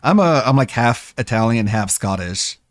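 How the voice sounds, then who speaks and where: A man's voice: medium pitch, expressive, normal speed, no room sound. A man streaming, chatting casually and telling rambling, amused stories into a close mic.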